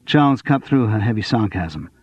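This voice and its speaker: A man narrating a cozy mystery audiobook in an expressive, steady storytelling manner. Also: on the low side, moderate pace, slightly rough, no room sound. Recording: dull lo-fi dry audiobook recording.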